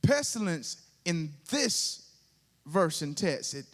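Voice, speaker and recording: A man's voice: on the high side, very animated, slow pace, a bit bright. A male pastor with a Southern US accent preaching a sermon, drawing call-and-response from the congregation and building to sung, rising climaxes.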